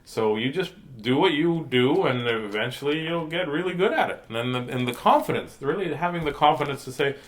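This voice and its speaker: A man's voice: a little high, expressive, a little fast, few pauses. A man hosting a children's storytime, reading picture books and chatting in a playful, silly, joking way. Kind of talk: storytime reading and rambling chat.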